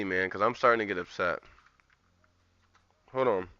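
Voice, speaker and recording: Man, live streamer, rambling profane rant, crisp resonant voice, dry dull mic. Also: sits low, normal speed, bright, forceful tone, no room sound.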